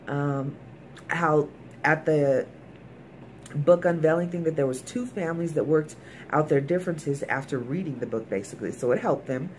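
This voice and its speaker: A woman with a low, slightly mellow voice recaps a TV episode, speaking casually and emphatically straight to her viewers. There's a little background noise.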